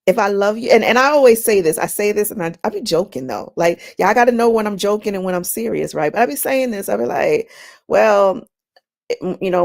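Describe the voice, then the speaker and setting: A woman hosting a casual, faith-based personal talk, chatty and animated, often repeating words as she goes. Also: medium pitch, a little fast, creaky. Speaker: inspirational vlog host.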